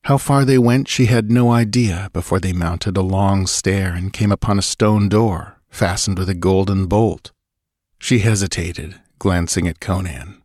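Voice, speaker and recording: A man narrating an audiobook in a measured, even storytelling manner on a close mic. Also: deep voice, dry recording. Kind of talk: scripted narration.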